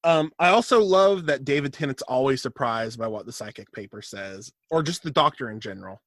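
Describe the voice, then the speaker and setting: A young man co-hosting a podcast in casual chat, joking with quick, wry interjections. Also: mid-range voice, lively intonation, a bit bright, no room sound, studio quality. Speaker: podcast co-host and editor.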